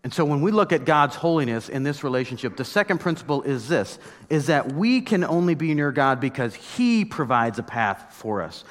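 Pastor, thirties, man, casual storytelling sermon, voice a bit high, big echoing hall. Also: moderate pace, hardly any pauses. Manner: conversational, animated storytelling with mock outbursts.

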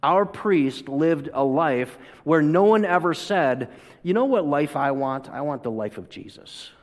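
A man's voice: fairly high pitch, a little mellow. Guy preaching a sermon, lots of rhetorical questions, acts out the quotes, long hall echo. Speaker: pastor.

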